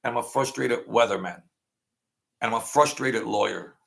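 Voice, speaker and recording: A man's voice: mid-range voice, normal speed, creaky, a bit bright. A man in his sixties hosting his own channel, rambling through a casual monologue in a chatty, self-mocking way and chuckling often. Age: 60s. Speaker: channel host.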